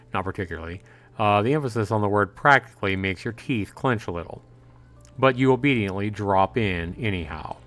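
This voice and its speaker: A man's voice: lowish voice, a bit bright. A man streaming a visual novel, reading the narration aloud with frequent fillers and self-corrections. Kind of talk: let's-play narration.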